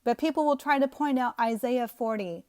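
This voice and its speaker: Female Bible teacher, higher-pitched voice, scornful and emphatic commentary. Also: moderate pace, warm tone, clean tone. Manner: scornful, emphatic, laughs at the text. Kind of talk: scriptural commentary to viewers.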